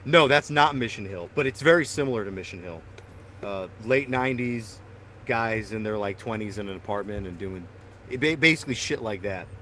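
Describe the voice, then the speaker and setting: A man's voice: fairly low pitch, expressive, brisk, bright, forceful tone, slight background noise. A man co-hosting a podcast, telling rambling, profane stories and laughing often. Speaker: podcast co-host. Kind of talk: casual chat.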